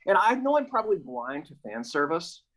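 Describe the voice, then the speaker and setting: A man co-hosting a podcast, talking about films in an excited, rambling way with lots of fillers. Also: sits high, a little fast, rough recording. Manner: enthusiastic, rambling with many fillers. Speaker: podcast co-host. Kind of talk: casual film chat.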